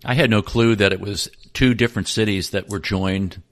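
A man's voice: lowish voice, fairly even intonation, normal speed. A man from the United States co-hosting a travel podcast, chatting casually and setting up topics for his partner. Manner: conversational, sets up topics with questions.

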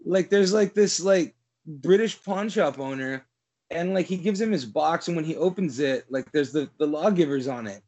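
A man's voice: a little high, lively intonation, moderate pace, a little mellow. A man co-hosting a movie podcast, talking in a rambling casual way, packed with "like" and frequent swearing. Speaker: podcast co-host.

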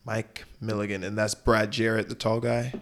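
A man's voice: lowish voice, little pitch movement, moderate pace, a bit bright. A man chatting casually as a podcast co-host, teasing his partner and laughing often. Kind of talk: casual chat.

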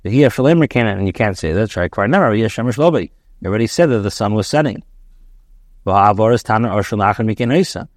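A man teaching as a rabbi, reading a text phrase by phrase and translating it, pausing with ums and correcting himself. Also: on the low side, expressive, no echo, studio quality. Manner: reads a phrase, then translates it, with frequent ums and self-corrections. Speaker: rabbi teaching a daily Torah class.

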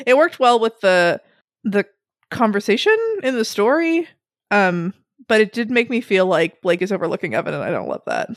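A woman's voice: medium pitch, very animated, moderate pace, dry recording, clean studio sound. A woman chatting casually and recapping a story game with a co-host, full of fillers and asides. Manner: chatty, lots of fillers and laughs.

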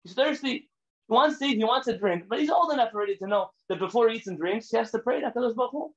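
A man with a fairly high voice gives a rabbi's lecture full of stories. He speaks in an animated, emphatic way and sometimes pushes close to a shout. The recording is dull and lo-fi. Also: racing. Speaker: rabbi teaching a class. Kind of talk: lecture with storytelling.

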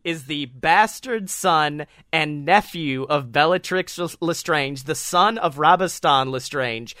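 A man co-hosting a comedy podcast, retelling a story in a rambling, animated way, full of fillers and swearing. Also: fairly high pitch, dry recording, clean studio sound. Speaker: podcast co-host.

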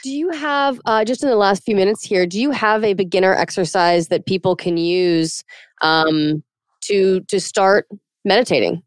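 A woman's voice: mid-range voice, moderate pace, smooth, no room sound, clean studio sound. A woman interviewer asking a meditation teacher for a beginner exercise and responding appreciatively.

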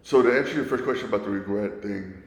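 A man in his forties telling his own story in a conversation, earnest and halting, often restarting his sentences. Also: fairly low pitch, gravelly. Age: 40s. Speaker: guest. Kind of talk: candid personal storytelling in conversation. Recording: echoey, reverberant room.

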